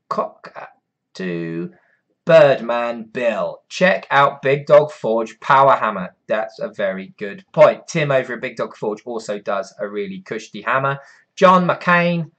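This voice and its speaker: A man's voice: mid-range voice, sing-song, slow pace, fairly bright tone, muffled recording. A man, chatting casually on a live stream, reading out viewer comments and rambling through answers.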